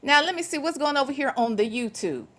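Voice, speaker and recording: A woman's voice: high voice, animated, fast talker, fairly bright tone. A woman hosting a casual livestream commentary, sassy and emphatic, with slangy talk and playful repetition. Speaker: show host.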